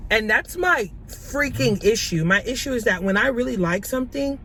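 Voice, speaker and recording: A woman's voice: fairly high pitch, animated, normal speed, bright, forceful tone, slight background noise. A woman vlogging in a casual, chatty way, rambling and repeating herself as she talks to her viewers. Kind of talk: casual vlog chat.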